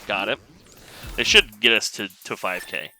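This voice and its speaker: A man casually commenting on his own gameplay, thinking aloud in a relaxed, rambling way. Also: lowish voice, moderate pace, slight background noise, low-quality recording. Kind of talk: casual let's-play commentary.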